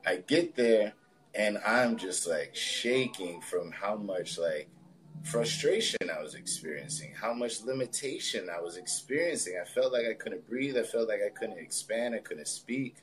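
A man with a somewhat low voice talks as a guest in an interview. He tells his own story in a loose, reflective, conversational way, full of casual fillers. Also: unhurried. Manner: relaxed, reflective, loose with fillers like "you know" and "like". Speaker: podcast guest, spiritualist and healer.

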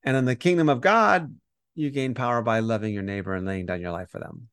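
A man teaching through a passage of scripture in easy conversation, now and then dropping into quoted voices to make a point. His voice sits at an ordinary middle pitch and sounds close and dry, with no room around it. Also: fairly quick, clear, resonant tone, no room sound. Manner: animated explainer, acts out quoted voices. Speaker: podcast co-host teaching on Romans.

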